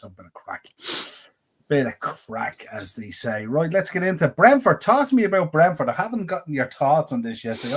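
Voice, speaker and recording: A man, co-hosting a casual football podcast and exclaiming often. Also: medium pitch. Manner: exclaims often, repeats phrases. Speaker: podcast co-host.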